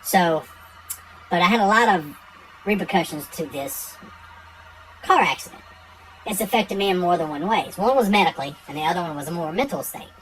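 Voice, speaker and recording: A man tells a true personal story in a relaxed, casual way, blunt and full of profanity. His voice moves up and down a lot as he goes. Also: high-pitched, brisk, long pauses, faint music behind, low-quality recording.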